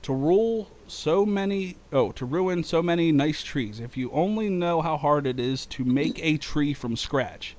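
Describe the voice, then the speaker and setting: A man voicing a calm, dry-witted male alien envoy, reading in a slightly higher, softer, measured voice.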